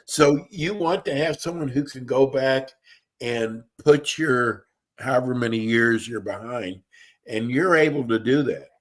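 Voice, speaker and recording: A man with a medium-pitched voice hosts live talk radio, speaking a little slowly in a friendly, folksy manner and sometimes losing the thread. The audio comes from a remote call with a bad connection.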